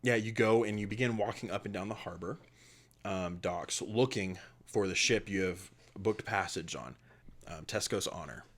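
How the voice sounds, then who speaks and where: Rambling, animated male game master. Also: fairly low pitch, moderate pace. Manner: rambling, animated narration with many fillers. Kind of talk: narrating a tabletop game.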